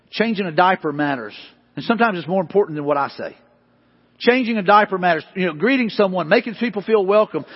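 A middle-aged man preaching a sermon in a church, talking in an animated, conversational way. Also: sits high, slightly rough. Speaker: pastor. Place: church sanctuary. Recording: echoey hall, slightly dull sound.

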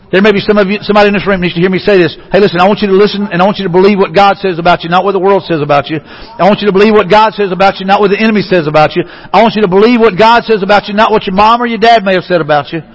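Male pastor, sermon, husky, high voice, church hall reverb. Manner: fervent, rising and falling delivery with restarts.

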